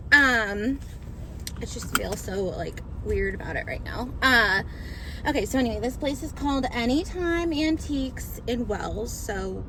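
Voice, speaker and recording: A woman's voice: fairly high pitch, expressive, slow, low-quality recording. A young woman from Maine, vlogging casually about her vintage shopping and retelling events in a flustered, chatty way. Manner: chatty, flustered, retelling with quoted back-and-forth. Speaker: vintage shop owner vlogging. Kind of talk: casual vlog storytelling. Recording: loud background noise.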